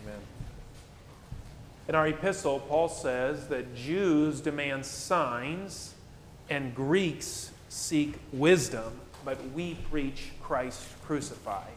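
Man preaching, slightly high voice, relaxed conversational sermon, roomy church echo. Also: a little hiss or hum. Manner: conversational, plain-spoken, explains with casual asides. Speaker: pastor. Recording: echoey church hall with long reverb.

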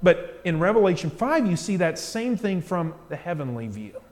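At a moderate pace, a pastor preaching from the pulpit engages listeners with rhetorical questions and lively storytelling in a fairly high voice. He alternates between near hush and swelling loud emphasis, with a long church reverb trailing after him.

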